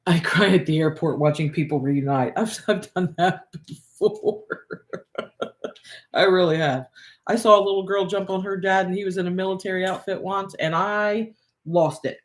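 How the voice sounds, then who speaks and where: A woman's voice: lowish voice, steady tone, brisk. A woman co-hosting a relationship talk, telling a personal story in a candid, casual way and repeating phrases as she thinks aloud. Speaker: relationship coach and co-host.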